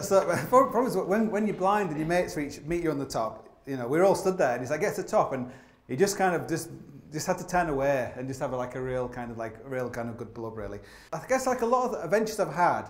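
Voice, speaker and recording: A man telling rambling, self-mocking climbing stories in a live stage talk, full of "like" and restarts. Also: fairly high pitch. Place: opera house stage. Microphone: stage microphone. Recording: roomy theatre sound.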